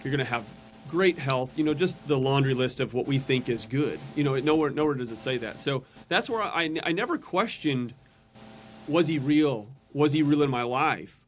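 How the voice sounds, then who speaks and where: A man's voice: mid-range voice, normal speed, a little hiss or hum. Earnest man telling a personal story. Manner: earnest and conversational, acts out quoted voices. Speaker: podcast guest.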